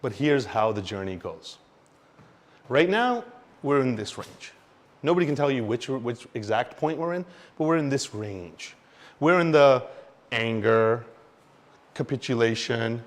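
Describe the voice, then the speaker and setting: Animated man explaining crypto cycles. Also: mid-range voice, a little slow, pauses often. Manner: animated, swings loud and soft, mimics panicked investors, swears. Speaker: crypto educator. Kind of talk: explanatory talk to camera.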